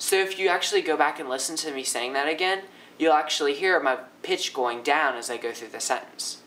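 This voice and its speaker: A young man teaching linguistics in a casual, upbeat way, often swinging his pitch up and down to demonstrate. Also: fairly quick, bright, forceful tone, a little hiss or hum, rough recording. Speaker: language teacher. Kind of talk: casual educational explainer.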